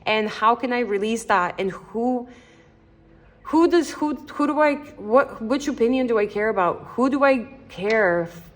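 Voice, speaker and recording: A woman's voice: fairly high pitch, measured pace. Chatty Canadian woman reading tarot. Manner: meandering, thinks aloud, restarts often; gentle and encouraging, speaks straight to the viewer. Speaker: tarot reader. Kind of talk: casual tarot reading monologue.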